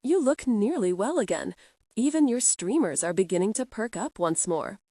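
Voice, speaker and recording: A woman's voice: mid-range voice, expressive, moderate pace, warm tone, no room sound, studio quality. A woman narrating a romance audiobook, reading every character in one voice.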